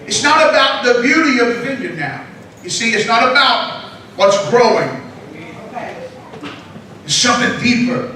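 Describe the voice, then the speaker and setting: A man preaching a sermon as a pastor, emphatic and bursting into shouts, calling on the congregation to respond. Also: extremely high pitch, very animated, a little slow, pauses often, a little hiss or hum. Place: church sanctuary. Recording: echoey hall, distant mic.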